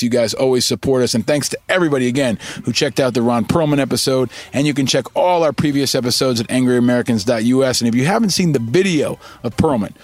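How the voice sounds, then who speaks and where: A middle-aged man hosts his podcast with upbeat energy, leaning into his words and repeating them for emphasis. His voice sits at an ordinary middle pitch. He sounds like he is chatting casually through listener thank-yous. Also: no echo. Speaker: podcast host. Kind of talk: casual podcast shout-outs.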